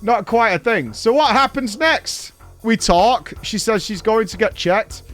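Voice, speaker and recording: A man from Britain, hosting a show and telling a story in a casual recap, animated and swearing freely. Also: high voice, a little slow, faint music behind. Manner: animated, swears freely, acts out quoted dialogue. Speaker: show host.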